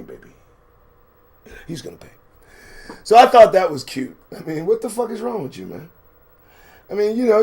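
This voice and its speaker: Animated, profane man hosting a show. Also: sits high. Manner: animated, profane, sarcastic riffing. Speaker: show host. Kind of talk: casual live-stream commentary.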